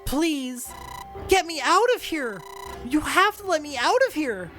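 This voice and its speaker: A narrator voicing a terrified young woman who screams and pleads in a high, breaking voice while reading a visual novel aloud. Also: animated, slow, soft background music. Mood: screaming.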